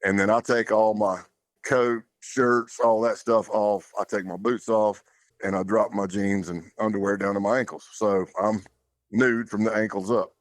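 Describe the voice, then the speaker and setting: Low-voiced man telling his story. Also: fairly even intonation, measured pace, no room sound. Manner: plainspoken, loose, with casual fillers. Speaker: podcast guest. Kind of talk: conversational storytelling.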